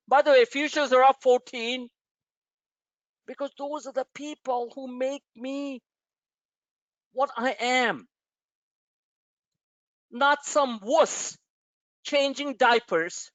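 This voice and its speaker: Hosting a live stock-trading webinar, a man launches into an impassioned, emotional motivational rant, blunt and occasionally swearing. His very high, fairly bright voice moves at a measured pace with frequent pauses. There's no room sound, and the dry lo-fi audio is dull.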